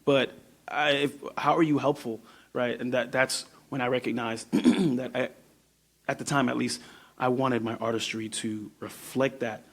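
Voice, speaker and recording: A man's voice: medium pitch, fairly even intonation, normal speed. Reflective young man, podcast guest. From New York. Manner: reflective, trailing off and restarting thoughts. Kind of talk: casual podcast conversation.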